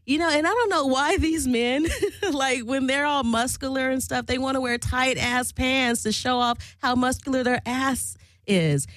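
A woman's voice: high-pitched, moderate pace, a bit bright, no echo. A woman radio show host telling a crude, blunt story in a casual monologue, often breaking into laughter.

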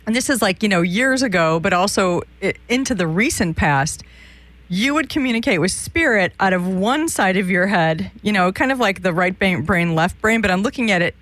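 A woman's voice: medium pitch, lively intonation, normal speed, a bit bright, no room sound. A woman hosting a live call-in radio show, giving psychic readings in a chatty, meandering way with many restarts.

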